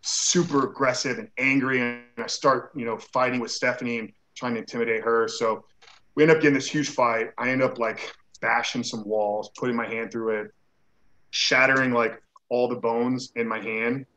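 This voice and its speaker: A man's voice: mid-range voice, fairly even intonation, moderate pace, pushed and bright, rough recording. A man who is a guest on an interview show, telling a personal story in a casual way. He acts out the dialogue he quotes and uses many "like" fillers.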